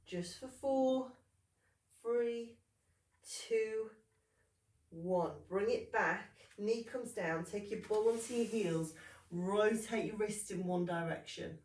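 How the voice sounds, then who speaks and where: A woman leading a Pilates class in calm, steady cues, a little sniffly with hay fever. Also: mid-range voice. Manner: calm, steady cueing with brief apologies for sniffles and yawns. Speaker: Pilates instructor. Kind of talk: guided exercise class instruction. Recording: roomy sound, mic at a distance.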